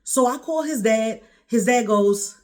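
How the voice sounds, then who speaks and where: A woman recounting a harrowing personal story straight to the camera, her voice climbing high and loud when she relives her own words, then dropping low and quiet. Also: a little slow. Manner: intense, rising to near-shouts when quoting herself.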